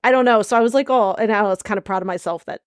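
A woman's voice: medium pitch, very fast, dry recording, clean studio sound. A woman co-hosting a podcast, chatting casually and rambling with many restarts. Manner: rambling, restarts, laughs easily. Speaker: podcast co-host. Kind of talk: casual chat.

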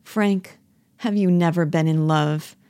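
Bitter jealous wife in a stage play, woman reading it, cutting and pleading, low voice. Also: moderate pace, mellow, no room sound.

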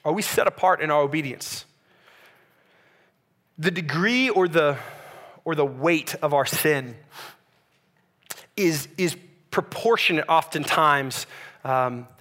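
A man, preaching a sermon as a pastor and telling a story in a conversational, animated way. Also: on the high side.

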